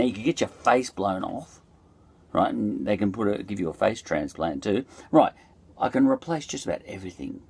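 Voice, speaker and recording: Gravelly Australian man musing aloud. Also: fairly low pitch, a little mellow. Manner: musing, loose and digressive, many fillers. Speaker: podcast host. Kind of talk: rambling reflective monologue.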